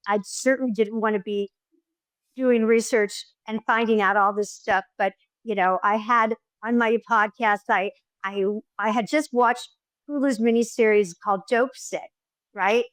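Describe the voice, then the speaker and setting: A woman's voice: mid-range voice, moderate pace, clean tone, no room sound, rough recording. A middle-aged woman, a filmmaker guest in an interview, telling stories with lots of restarts and acted-out quotes. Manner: animated storyteller who acts out quotes, frequent restarts. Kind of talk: conversational interview.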